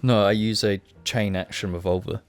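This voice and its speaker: A man's voice: fairly low pitch, fairly even intonation, moderate pace, clean tone, faint music behind. A man, co-hosting a podcast in casual, crude, jokey banter. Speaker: podcast co-host. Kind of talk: casual chat.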